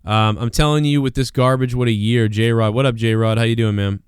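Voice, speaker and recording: A man's voice: mid-range voice, steady tone, normal speed, clear, resonant tone, no room sound, studio quality. A man hosting a live stream show, chatting casually in a rambling, joking, slangy way.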